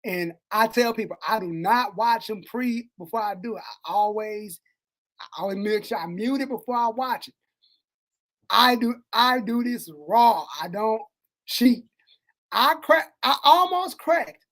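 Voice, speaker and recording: A man co-hosting a podcast in casual chat, animated and slangy, swinging between loud and soft. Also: high voice, a little slow. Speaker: podcast co-host. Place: Texas.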